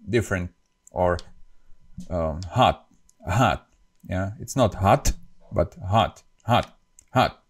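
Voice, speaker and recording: A man's voice: fairly low pitch, a little mellow. A man with a Slovak accent teaching pronunciation, patiently repeating each sound several times. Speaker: language teacher. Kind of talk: pronunciation lesson.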